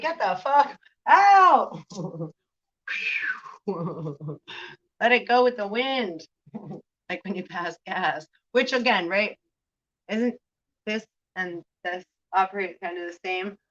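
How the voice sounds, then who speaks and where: A woman's voice: lowish voice, fairly bright tone, muffled recording. A woman giving a casual spiritual vlog talk, rambling, laughing often, swearing and asking "right?" again and again. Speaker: spiritual reader.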